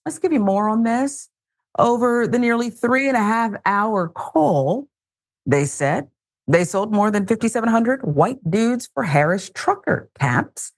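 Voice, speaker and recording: A woman's voice: fairly high pitch, lively intonation, unhurried. A woman hosting a news commentary show, reading headlines casually with wry, joking asides.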